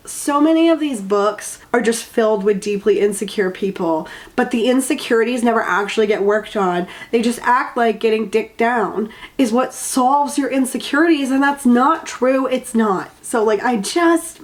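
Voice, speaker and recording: Exasperated, sarcastic woman ranting about a book. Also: on the high side. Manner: swears freely and trails off. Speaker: book reviewer. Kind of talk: casual rant review.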